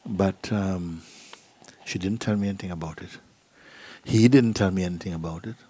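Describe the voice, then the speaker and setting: A middle-aged man, a spiritual teacher, giving a gentle, unhurried talk and acting out voices in his stories. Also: sits low, breathy edge. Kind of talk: satsang talk, storytelling. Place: gathering hall.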